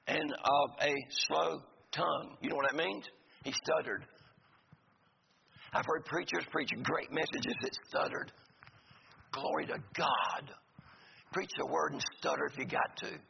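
Male pastor, gravelly voice, folksy and joking, dull lo-fi church recording. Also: a little high. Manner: folksy, joking asides to the congregation. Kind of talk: sermon. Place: church sanctuary. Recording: gravelly voice in a reverberant hall, dull lo-fi sound, faint noise.

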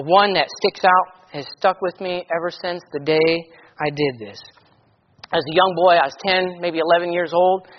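A male pastor giving a sermon, reading scripture aloud with strong emphasis and breaking off into plain conversational asides. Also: sits high. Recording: echoey hall, dull lo-fi sound.

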